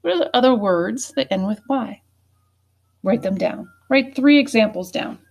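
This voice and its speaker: A woman's voice: on the high side, expressive, moderate pace, vocal fry, a little mellow, highs cut off. A woman teaching a phonics lesson, patient and checking in with students often. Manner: patient, checking in with frequent "okay?" and "right?".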